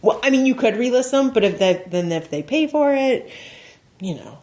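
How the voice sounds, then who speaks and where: A woman co-hosting a casual podcast, talking in an animated way and laughing often. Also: a little high, moderate pace. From United States. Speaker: podcast co-host. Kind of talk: casual chat.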